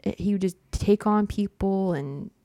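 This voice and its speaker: A woman's voice: medium pitch, moderate pace, dark tone, no room sound. A young woman telling a personal story in casual chat, full of "like" and little laughs. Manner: chatty, heavy use of "like", laughs often.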